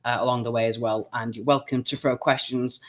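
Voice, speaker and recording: A woman's voice: extremely low pitch, steady tone, fairly quick. A Scottish woman hosting a casual live-stream show, bubbly and cheeky, laughing often. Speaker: livestream show host.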